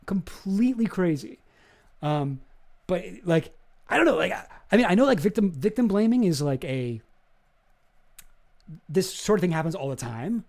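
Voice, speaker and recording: A young man on a live stream giving casual commentary, animated and swearing as he gets worked up. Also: high voice, unhurried.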